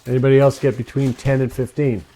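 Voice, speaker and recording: A man's voice: mid-range voice, little pitch movement, quick pace, dark tone. A man running a tabletop game as dungeon master, calling for dice rolls and narrating the action.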